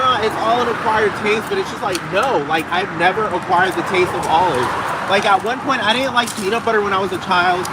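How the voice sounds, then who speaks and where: A high-voiced man rants into his podcast from somewhere outside beside a busy road. He swears freely and leans on "like" every few words. Loud traffic noise sits behind him. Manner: ranting, profane, filler-heavy with frequent "like". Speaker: podcast host. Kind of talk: casual rambling monologue. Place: outdoors near a road with passing traffic. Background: cars and street traffic.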